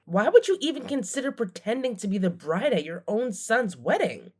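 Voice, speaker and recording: A woman's voice: on the high side, big pitch swings, moderate pace, a little mellow. A woman voicing a young bride who sounds distressed and bewildered. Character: shaken young bride, ambushed and tied up.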